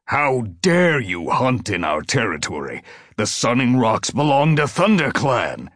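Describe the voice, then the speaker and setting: A man voicing a massive, fierce dark tabby tomcat warrior who growls his commands, in a storybook reading. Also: on the low side, animated, a little slow, no room sound, studio quality. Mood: defiant growl.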